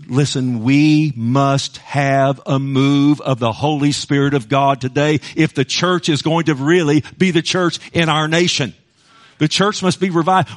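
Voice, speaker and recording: A middle-aged man preaching a passionate sermon, swinging between hushed, intimate moments and loud, rousing ones. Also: a little high. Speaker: pastor.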